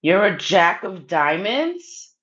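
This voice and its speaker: A woman with a low voice and an unhurried pace hosts a livestream, teasing and coaxing her viewers as she reads out their cards. The sound is a little dull and muffled. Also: sing-song, fairly bright tone. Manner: teasing, coaxing, playfully pushy. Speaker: livestream host reading viewer comments. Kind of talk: casual livestream chat with card readings.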